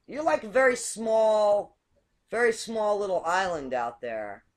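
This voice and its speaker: A woman's voice: mid-range voice, animated, measured pace. A woman hosting a casual online talk show over a video call, chatty and hesitant, often repeating words. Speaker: host.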